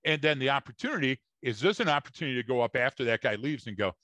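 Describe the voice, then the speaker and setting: A man of ordinary pitch talks through his points on a podcast, emphatic and a little lecturing, often turning to the listeners. The recording is close and dry, with no room sound. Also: animated, fast, bright, forceful tone, no echo. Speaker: podcast co-host. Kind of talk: casual podcast discussion.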